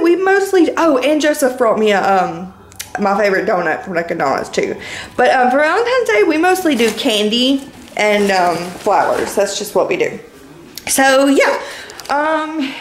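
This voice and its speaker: A young woman chats loosely to a handheld camera as she wanders through a house, filling gaps with ums and likes. Her voice sits a little high. The room is echoey, with a faint hiss underneath. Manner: chatty, rambling, full of ums and likes. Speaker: vlogger. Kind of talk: casual daily vlog chat. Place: indoors at home, walking between rooms.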